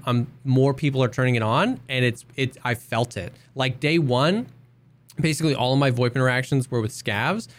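A man co-hosting a casual gaming podcast, agreeable and thinking out loud in quick bursts. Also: medium pitch. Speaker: podcast co-host.

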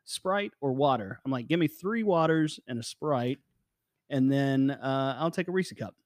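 A man's voice: mid-range voice, animated, a little slow, no room sound, studio quality. A man co-hosting a sports talk show, telling a story with exasperated humor. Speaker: podcast co-host. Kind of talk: casual sports chat.

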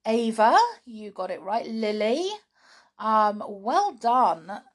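A woman's voice: on the high side, lively intonation, slow. A British woman hosting a children's podcast, chatting playfully to young listeners about riddles and fun facts, often laughing.

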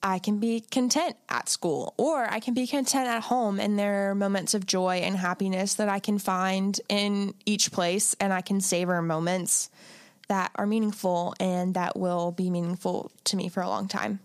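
A young woman co-hosting a podcast in casual chat, reflective and gently advising, with lots of filler words. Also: mid-range voice, steady tone, moderate pace, dry recording, clean studio sound. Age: young adult. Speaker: podcast co-host.

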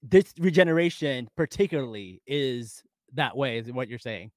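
A man's voice: medium pitch, normal speed, no room sound. Chatty man with a dry close sound. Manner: animated, laughs often, recaps episodes. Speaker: podcast co-host. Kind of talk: casual fan discussion.

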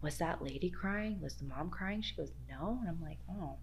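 Her voice is fairly low and gravelly, at a moderate pace, and the audio is dull with a little hiss or hum. A podcast guest who works in library archives, she has an American Midwest accent and tells a spooky work story, acting out the dialogue with big vocal jumps.

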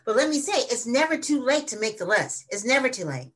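A woman's voice: a little high, sing-song, fairly quick. A woman hosting an interview, talking in a reflective, casual way and asking her guest long questions. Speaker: podcast host.

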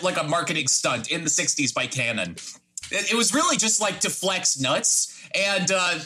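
A man with a high, bright and very lively voice rambles nerdily about film technique on a casual podcast. He stumbles and restarts sentences as he goes. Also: slight background noise. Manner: nerdy, rambling, restarts a lot. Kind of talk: casual film review chat.

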